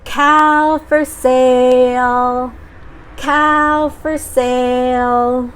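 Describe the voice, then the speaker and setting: Woman doing an earnest storybook boy, bright and slow. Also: fairly high pitch, very animated, slight background noise. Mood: calling out. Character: poor young boy Jack, earnest and eager.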